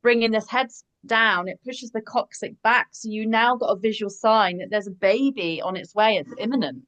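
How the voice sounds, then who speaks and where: A woman's voice: fairly high pitch, normal speed, fairly bright tone. A woman midwife joins a casual group discussion. She talks with enthusiasm and leans on her points.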